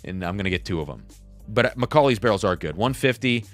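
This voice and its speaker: A man's voice: fairly low pitch, animated, fast talker, faint music behind. A man hosting a casual livestream, rambling and self-deprecating as he reads viewer chats aloud. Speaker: livestream host.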